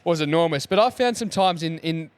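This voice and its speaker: A man's voice: fairly high pitch, fairly quick, clean tone. A young Australian man casually telling a story on a podcast, acting out the conversations as he goes. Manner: animated storyteller, acts out dialogue. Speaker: co-host. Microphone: studio mic.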